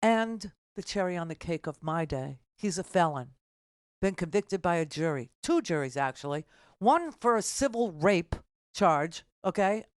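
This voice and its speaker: A woman's voice: on the low side, very animated, unhurried, no room sound, clean studio sound. Indignant woman talk radio host. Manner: combative, indignant, exasperated. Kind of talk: political talk radio monologue.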